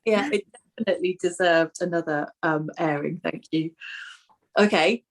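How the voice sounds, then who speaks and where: A woman's voice: on the low side, moderate pace. A woman hosting an interview, chatting in a cheerful way and laughing easily. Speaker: interviewer host. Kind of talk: conversational interview.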